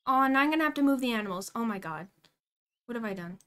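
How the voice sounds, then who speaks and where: A young woman streaming a game live, excitable and giggly, talking to herself as she plays. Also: on the high side, fast, clean tone.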